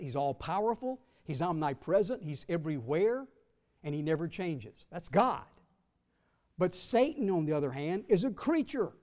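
Preaching with a voice on the high side, this man leans hard on long, drawn-out stresses. His delivery alternates between loud outbursts and quiet asides, with the occasional playful jab at the congregation.

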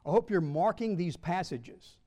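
A man, a Baptist pastor, teaching the Bible to his congregation in church, measured and emphatic, slowing and rising when he reads scripture. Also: high-pitched, lively intonation, warm tone, in a large hall.

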